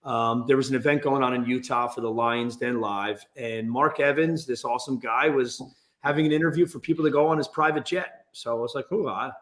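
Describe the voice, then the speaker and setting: A man guest in a casual interview, telling stories in an animated, restless way. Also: medium pitch, brisk. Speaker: guest business owner.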